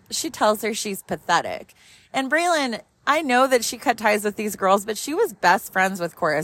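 A woman in her thirties, a mother, telling a story in a casual, animated way, swearing freely and laughing often, talking while driving her car. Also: mid-range voice, slight background noise.

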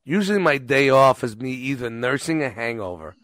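A man chatting casually on a podcast, blunt and profane, telling animated stories. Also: medium pitch, brisk, no echo. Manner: blunt, swears constantly, animated storytelling.

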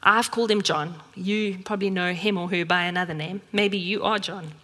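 A woman's voice: lowish voice, fairly even intonation, normal speed, fairly bright tone. A South African woman preaching a sermon in a church, telling stories earnestly and acting out the voices she quotes. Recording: echoey church hall.

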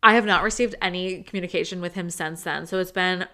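A young woman co-hosting a casual podcast, telling a dating story in an animated way and quoting herself with dramatic disgust. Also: on the low side, fast talker. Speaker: podcast co-host. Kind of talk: casual chat.

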